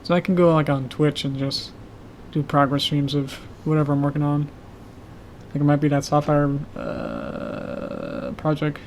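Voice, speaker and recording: A man chatting casually on his live stream about his animation projects, with a sore, tired throat, talking haltingly with fillers and soft laughs. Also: fairly high pitch, level tone. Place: home room with a loud heater. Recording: faint heater hum behind.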